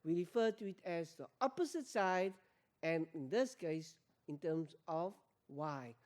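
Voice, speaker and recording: A woman's voice: lowish voice, animated, measured pace, a little mellow. Woman teacher quizzing her class. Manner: repeats key points and quizzes learners with questions; addresses learners as guys. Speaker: maths teacher. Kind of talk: exam revision lesson.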